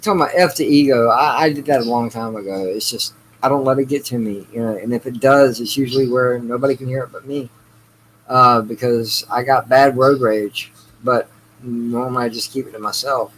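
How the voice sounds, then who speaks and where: A man co-hosting a podcast, talking in a relaxed, casual way, often saying "you know". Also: medium pitch, fairly quick, a little hiss or hum, poor audio. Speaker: podcast co-host. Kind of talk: casual chat.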